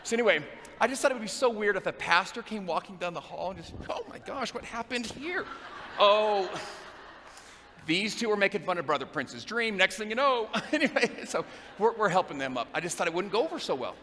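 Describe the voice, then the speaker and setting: A man giving a motivational talk, telling a story and asking the audience questions in an animated way. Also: high-pitched, a little fast. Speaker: motivational speaker. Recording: long reverb of a big hall, faint noise.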